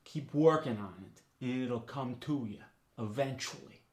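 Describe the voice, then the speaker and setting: A man with a New York accent demonstrating the dialect, slow and deliberate and stressing each sound. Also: mid-range voice, a little mellow. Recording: echoey room.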